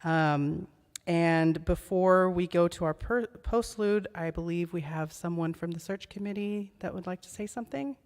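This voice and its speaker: A woman leading a church service who reads the announcements, friendly and unhurried, with fillers. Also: lowish voice, darkish tone. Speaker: service leader. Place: church sanctuary. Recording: long reverb in a church sanctuary.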